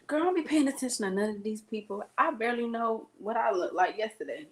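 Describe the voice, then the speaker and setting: A woman's voice: fairly high pitch, expressive, fast, noisy background. A woman co-hosting a casual live talk show, playful and blunt, with a slangy way of talking and frequent laughter. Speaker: co-host. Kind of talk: casual chat.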